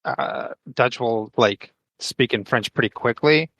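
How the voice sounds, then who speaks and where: A man's voice: mid-range voice, slow pace, a bit bright, no room sound, low-quality recording. Guy player, mid voice, says like a lot, dry sound. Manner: chatty, hedging with lots of "like". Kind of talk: casual tabletop play.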